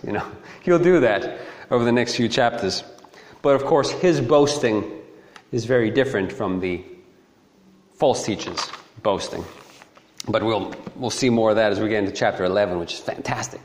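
A man preaches through a Bible passage in a relaxed, conversational way, stressing his points by repeating them. His voice sits at an average pitch for a man. It rings out in a roomy hall with a long echo trailing behind each phrase. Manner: animated, conversational, repeats key phrases for emphasis. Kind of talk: casual expository sermon. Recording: echoey hall with long reverb.

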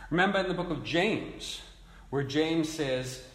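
A man's voice: medium pitch, sing-song, normal speed, fairly bright tone. A man giving a verse-by-verse sermon, teaching in a conversational way and asking rhetorical questions. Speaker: preacher. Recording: echoey hall with long reverb.

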